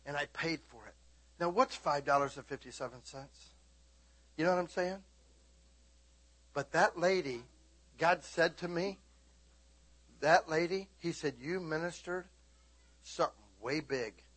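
Middle-aged man, preacher, lively storytelling sermon, high bright voice, husky edge. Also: measured pace, pauses often. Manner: animated, shouting and laughing, talks to the audience.

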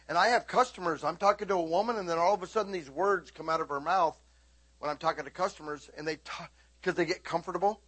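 A middle-aged pastor delivering a sermon in a notably high, husky voice. He tells stories animatedly, keeps asking his listeners whether they follow, and sometimes jumps into loud, high bursts. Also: quick pace. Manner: animated storytelling, sudden high shouting bursts.

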